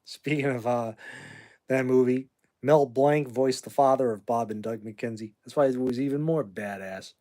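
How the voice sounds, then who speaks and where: Answering viewer comments, a man in his fifties from the United States hosts a livestream with brash, rambling trash talk. His voice is medium-pitched and mellow, at normal speed.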